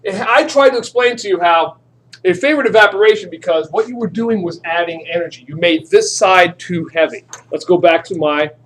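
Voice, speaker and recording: Male teacher, lively and joking, talking to his class; high voice over faint classroom hum. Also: brisk. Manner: animated, joking, talks to students directly. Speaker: chemistry teacher. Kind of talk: classroom lecture with demonstration.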